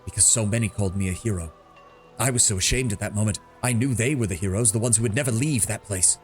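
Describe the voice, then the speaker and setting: A man's voice: lowish voice, quick pace, soft background music, close to an everyday voice. A man voicing a guilt-ridden male soldier captain, speaking in a solemn, bitter tone. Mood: somber.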